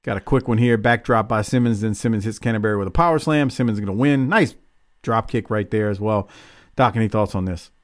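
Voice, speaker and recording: A man hosting a casual wrestling recap podcast, joking and relaxed, on a podcast mic. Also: lowish voice, quick pace, no echo, clean studio sound. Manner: casual, lively, joking, swears. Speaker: podcast host.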